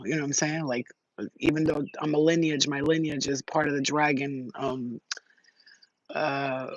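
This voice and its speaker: A woman hosting a casual spiritual livestream, talking in an animated, slangy way, swearing and laughing often. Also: low-pitched, no room sound, rough recording. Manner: animated, slangy, swears, laughs often, many "you know what I'm saying". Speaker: spiritual channel host.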